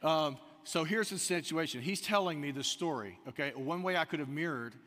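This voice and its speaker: A man's voice: a little high, a little fast, fairly bright tone, a little hiss or hum. A man preaching a sermon, telling stories with animation and acting out the quoted lines. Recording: long reverb of a large hall.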